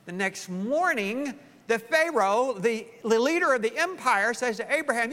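A man preaching a sermon as pastor, telling the story with lively acted-out voices. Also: very high-pitched, moderate pace, in a large hall. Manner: animated storytelling, acting out voices of the story's people.

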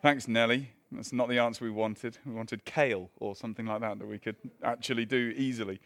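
A man's voice: mid-range voice, steady tone, brisk, few pauses, a bit bright, no echo, studio quality. A man preaching a sermon in a conversational way, with self-mocking asides and frequent restarts.

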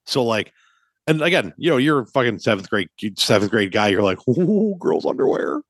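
A man in his thirties, a podcast co-host, chatting casually and telling animated, profane stories. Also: fairly low pitch, brisk, no echo.

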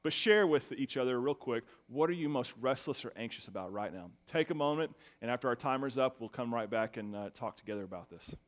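A man's voice: mid-range voice, lively intonation, brisk, hardly any pauses. A young adult man preaching as pastor to a family watching online, telling stories in a conversational way with frequent restarts. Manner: conversational, storytelling, repeats words when starting.

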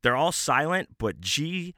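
A man's voice: a little high, big pitch swings, measured pace, pushed and bright, no echo, studio quality. Profane, rambling man telling a story. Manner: rambling, profane, with many restarts and fillers. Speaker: podcast host. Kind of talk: casual storytelling.

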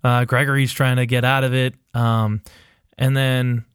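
Male podcast co-host, mid-pitch, rambling and profane, dry close mic. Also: little pitch movement, a little slow, clear, resonant tone, no room sound. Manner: rambling, profane, full of fillers and quoted asides. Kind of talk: casual TV recap chat.

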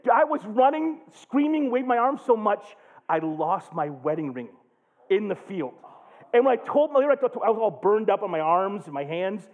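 High, lively male preacher, tinny sound. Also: moderate pace. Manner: excitable, jokey, loud bursts when acting out the story. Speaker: pastor. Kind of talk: animated sermon storytelling.

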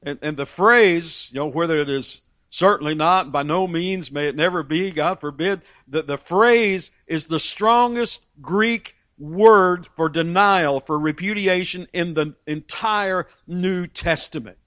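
A man's voice: fairly high pitch, measured pace, few pauses, a bit bright, dry recording. A man preaching a sermon in an earnest, emphatic way, often restarting phrases and reading quotations aloud.

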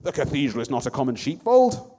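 A man voicing an angry, indignant priest who speaks out loudly. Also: medium pitch, big pitch swings, a little fast, slight background noise, natural voice. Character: angry male cathedral priest.

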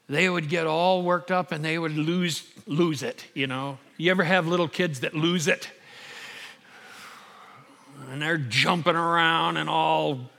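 A middle-aged man preaching a sermon as pastor, emphatic and building to loud peaks. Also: on the high side, gravelly, long reverb tail.

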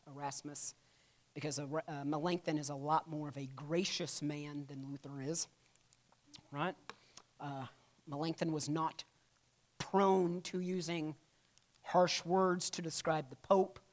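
Chatty church history teacher, digressive. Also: medium pitch. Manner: chatty and digressive, with playful asides to the class; retells stories with acted-out quotes. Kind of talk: casual classroom lecture.

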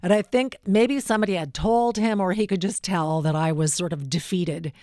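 A woman's voice: fairly low pitch, normal speed, no room sound, clean studio sound. A middle-aged woman, a radio host, telling stories in a casual interview and acting out the voices of the people in them. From Western Canada. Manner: animated, acts out quotes with shifting voices.

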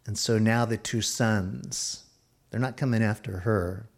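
A man preaching a sermon, expressive, shifting his pace and dropping softer for quoted lines. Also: fairly low pitch, unhurried, breathy edge. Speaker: pastor.

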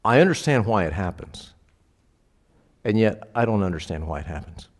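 A male pastor preaching a sermon, moving between hushed reflection and rising fervent exhortation. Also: lowish voice, lively intonation, normal speed. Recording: long hall reverb.

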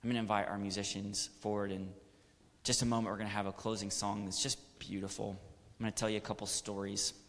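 Guy in his 30s preaching, gets loud and punchy, echoey big church. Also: lowish voice, level tone, fast talker. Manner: preaching with rising, emphatic bursts. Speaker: pastor. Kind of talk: sermon. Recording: long hall reverb.

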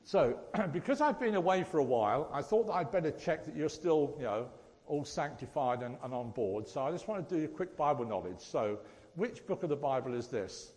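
A man's voice: on the high side, lively intonation, a little fast, a little mellow, big-room sound. A man giving a chatty, joking church talk and addressing the congregation directly as lay preacher. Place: church hall.

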